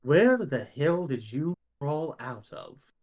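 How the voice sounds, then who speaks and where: A man's voice: fairly high pitch, big pitch swings, slow pace, a little mellow, pitched above the performer's own voice, full character voice. A man playing a scornful hobgoblin wizard. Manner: scornful, commanding. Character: imperious male hobgoblin wizard in red robes.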